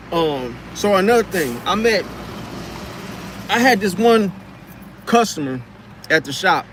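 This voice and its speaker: A man's voice: a little high, fairly bright tone, a little hiss or hum. A man telling a casual story from his car repair job in a rambling, slangy way, often repeating and restarting his words.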